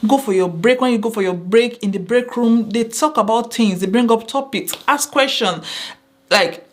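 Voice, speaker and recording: A woman's voice: on the high side, normal speed. A woman from Nigeria, talking casually to camera and giving earnest advice, often repeating phrases for emphasis. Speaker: vlogger giving workplace advice.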